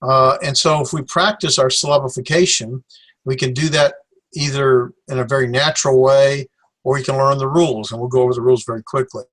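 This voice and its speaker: A man teaching a Greek class in a classroom lecture, halting with many fillers as he sounds out syllables slowly. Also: medium pitch, fairly even intonation, a bit bright.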